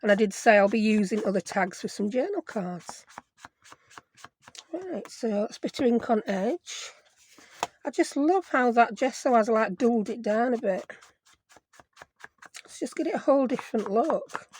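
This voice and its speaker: A woman's voice: a little high, lively intonation, moderate pace, pauses often, a little mellow, a little hiss or hum. A woman hosting a casual craft tutorial, chatty and self-deprecating, thinking aloud as she works. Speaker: craft video host.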